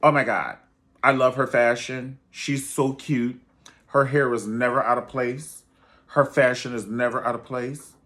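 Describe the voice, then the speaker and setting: A man's voice: medium pitch, fairly even intonation, unhurried, fairly bright tone. A man reviewing a reality show in a sassy, theatrical way, calling everyone honey. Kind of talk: casual commentary video.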